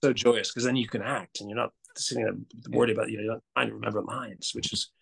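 Fast and gravelly, slightly rough, and pitched fairly low, the voice belongs to a male actor being interviewed as a guest in casual chat. He speaks with a partly Australian mixed accent, animated and stammering through restarts while laughing and imitating other voices.

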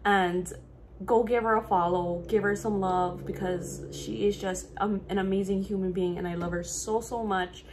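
A young woman talks through an unboxing in her own casual vlog, gushing and emotional, her words tumbling out breathlessly. Her voice sits at an everyday middle pitch. A faint hiss of room noise runs underneath. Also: steady tone, moderate pace, darkish tone. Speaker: vlogger.

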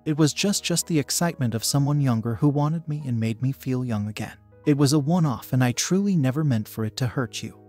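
A man voicing a middle-aged wife who denies an affair and then pleads, in a quiet, low delivery close to his own voice. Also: fairly quick, hardly any pauses, soft background music, close to an everyday voice. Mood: pleading.

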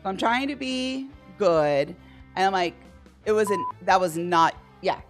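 A woman hosting a live slot stream from home, telling a story to her chat in an excitable way, laughing often and acting out what people said. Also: medium pitch, a little slow, faint music behind. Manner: animated, excitable, laughs often, acts out quotes.

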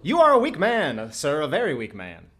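Sneering carnival barker, oily politeness, high, animated, audio drama. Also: male voice, moderate pace, soft background music. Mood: mocking. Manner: taunting, oily, overly polite. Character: mocking sinister male carnival barker.

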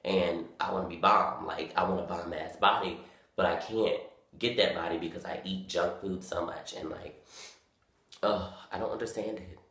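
A dramatic nineteen-year-old guy talking into his phone camera while parked in his car, rattling on with fillers. His voice sits a little low for a man, and he keeps lurching into loud, gossipy bursts. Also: moderate pace, breathy edge, no room sound. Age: young adult. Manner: chatty and dramatic, lots of fillers, swings into loud excited storytelling. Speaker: vlogger. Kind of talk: casual vlog talk to camera.

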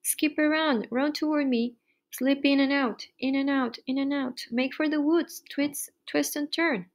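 A woman voicing a bossy, excitable farmyard goose that barks urgent orders and repeats itself. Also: sits high, pitched above the performer's own voice. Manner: urgent, repeats commands in quick bursts.

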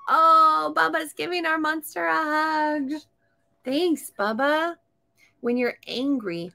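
A woman reads a picture book aloud to a small child at an unhurried pace, her voice sitting a touch higher than most. She keeps coaxing him with questions and breaks into gasps and delighted exclamations as the pages turn. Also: creaky, fairly bright tone. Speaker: storytime host.

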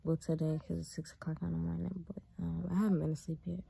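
Laid-back teen girl vlogging, slightly low. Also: flat delivery, quick pace, vocal fry, dark tone, husky. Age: teens. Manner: laid-back, slangy, addresses viewers as y'all. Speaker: vlogger and track athlete. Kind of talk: casual vlog talk to viewers.

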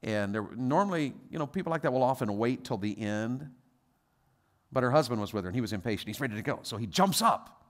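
A fast-talking man with a medium pitch and lively intonation delivers a sermon as a visiting pastor. His stories include quoted voices, and he swings between hushed asides and loud exhortation.

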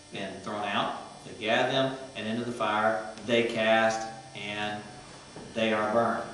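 A male professor talks through Greek grammar in a relaxed, explanatory classroom manner. He is heard from a distance in a very echoey room, with a faint hum underneath. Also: medium pitch. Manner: explanatory, parses Greek forms aloud, conversational asides. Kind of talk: classroom lecture.

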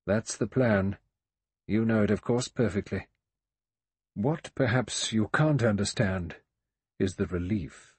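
A man over sixty voicing a quiet, grave old male general who speaks gently and slowly. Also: fairly low pitch, husky, no room sound. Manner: gentle, slow, musing.

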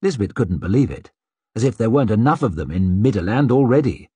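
A man's voice: fairly low pitch, lively intonation, brisk, dark tone, husky, no room sound. A man narrating an audiobook expressively, slipping into a character's sneering inner voice.

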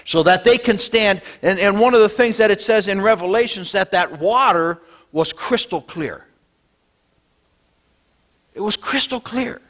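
A male pastor preaching a Sunday sermon, swinging between loud declarations and low, quiet lines. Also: a little slow, long pauses. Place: church sanctuary.

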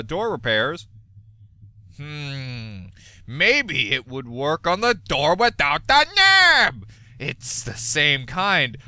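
Excitable ranting male gamer. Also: a little high. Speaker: let's play gamer. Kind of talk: gameplay commentary.

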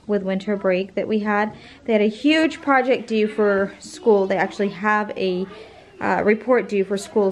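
A woman in her thirties chatting casually to her viewers in a home vlog, filming on her phone and cooing at the family dog. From California. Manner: chatty, talks to viewers and to the dog in a high sing-song baby voice. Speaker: family vlogger. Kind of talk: casual vlog chat to camera.

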